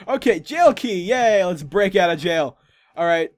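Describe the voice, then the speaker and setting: A man's voice: sits high, sing-song, a little slow, no echo. A young man chatting casually through gameplay commentary, joking and teasing himself. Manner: chatty, self-mocking, jokey asides. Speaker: gaming channel host.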